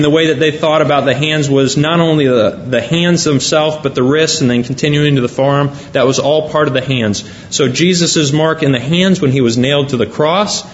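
A man's voice: on the high side, muffled recording, slight background noise. A man preaching a sermon, reading scripture aloud and explaining it point by point.

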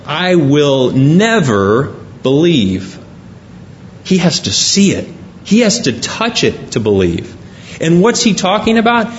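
A man's voice: a little high, muffled recording, slight background noise. A man preaching a sermon, reading scripture aloud and explaining it point by point.

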